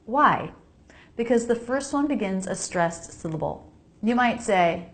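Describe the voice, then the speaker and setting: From her home laundry area, an American pronunciation teacher gives an English lesson, carefully modeling each sound and repeating words so viewers can say them along. Her medium-pitched voice is expressive and measured in pace.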